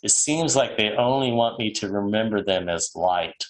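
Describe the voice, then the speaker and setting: Low-voiced man reading case accounts. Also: normal speed, poor audio. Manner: reads quoted accounts with frequent ums and restarts. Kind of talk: casual reading aloud from books.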